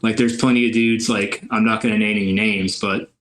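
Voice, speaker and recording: A man from Louisiana, a podcast guest, talking in a relaxed, rambling way with lots of fillers. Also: on the low side, fairly quick. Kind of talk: casual chat.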